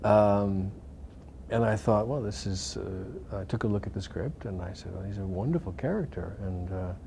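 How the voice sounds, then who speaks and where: A man's voice: on the low side, fairly even intonation, unhurried, gravelly, noisy background. A middle-aged man, an actor talking casually and reflectively in an interview, with many fillers and restarts. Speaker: actor interviewed about a film.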